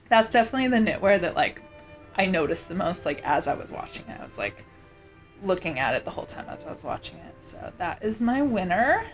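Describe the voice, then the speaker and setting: A woman vlogger chatting casually, rambling with many fillers and restarts. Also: lowish voice. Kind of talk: casual chat.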